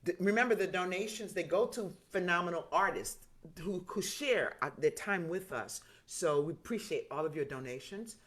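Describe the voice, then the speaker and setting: A woman hosting an online song gathering over a video call, warm thanks and exclamations. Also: on the low side, animated, normal speed. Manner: effusive, exclaiming. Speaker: host. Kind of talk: online concert wrap-up chat.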